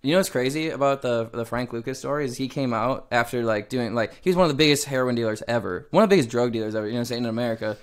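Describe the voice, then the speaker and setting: A man's voice: mid-range voice, rapid-fire, hardly any pauses, clear, resonant tone. A young man co-hosting a podcast in casual chat, telling stories with a laugh and acting out what others say. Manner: laughing, animated storyteller who acts out quoted voices. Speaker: podcast co-host.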